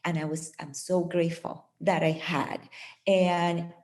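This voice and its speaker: Slow, earnest woman guest. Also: fairly low pitch, flat delivery, darkish tone. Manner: earnest, emphatic, motivational. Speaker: podcast guest. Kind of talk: reflective personal storytelling.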